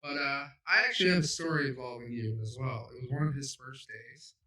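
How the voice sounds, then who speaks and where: Bright-voiced man telling stories. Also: medium pitch, a little fast. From Cape Breton, Canada. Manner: rambling, self-mocking storyteller with frequent fillers. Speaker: podcast host. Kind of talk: casual storytelling chat. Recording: roomy sound, mic at a distance.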